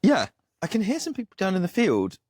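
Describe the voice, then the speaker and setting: A man's voice: sits high, huge pitch swings, fairly quick, a little mellow, slightly rough, no echo, clean studio sound. A man co-hosting a podcast, chatting casually in a kitchen, rambling and joking at his own expense. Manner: rambling, self-mocking and jokey, full of "like". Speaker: podcast co-host. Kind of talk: casual chat.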